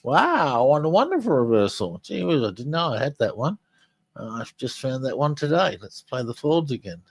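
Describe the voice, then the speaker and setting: Chatty rambling podcast host, dry sound. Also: male voice, mid-range voice, sing-song, normal speed, breathy edge, no room sound, rough recording. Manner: rambling, chatty, many fillers and restarts. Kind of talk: casual live podcast commentary.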